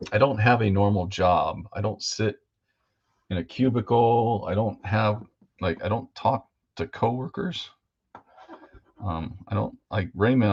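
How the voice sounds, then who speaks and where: A man hosts a live model-painting stream, chatting in a loose, rambling way with plenty of fillers. His voice is low and deep. The audio is dull and lo-fi. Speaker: host of a live hobby painting show. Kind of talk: casual livestream chat while painting models.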